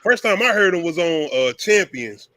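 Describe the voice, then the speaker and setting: A man with a high, bright voice tells animated stories on a podcast. His voice sounds dry and close. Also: normal speed, dry recording. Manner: animated storyteller, laughs often. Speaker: podcast co-host. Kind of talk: casual chat.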